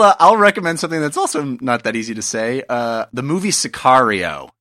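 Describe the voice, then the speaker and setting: A man's voice: medium pitch, very animated, fairly quick, few pauses, pushed and bright, no room sound, clean studio sound. A man hosting a podcast from a remote call, chatting casually with laughs and fillers, his voice coming through glitchy and robotic over Skype. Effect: glitchy robotic Skype audio. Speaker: podcast host.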